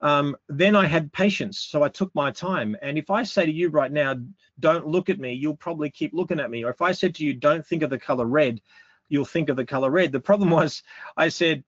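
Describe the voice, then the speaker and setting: A middle-aged Australian man giving a relaxed photography lesson, talking through how his pictures were made with some fillers. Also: fairly high pitch, brisk, dry recording, highs cut off. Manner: relaxed, conversational explaining with fillers. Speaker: photography instructor. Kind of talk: presentation talk with slides.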